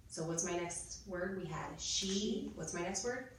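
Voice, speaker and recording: A woman's voice: fairly low pitch, expressive, measured pace, few pauses. A woman in her thirties training teachers, chatty and explaining step by step as she models spelling drills. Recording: echoey room, mic far off, noisy.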